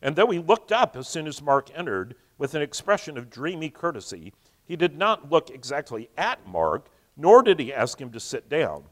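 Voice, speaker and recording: A man's voice: on the high side, very animated, normal speed. A man hosting a show, reading a novel aloud and stopping to explain it in his own words. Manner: explanatory, alternates reading with asides. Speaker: host.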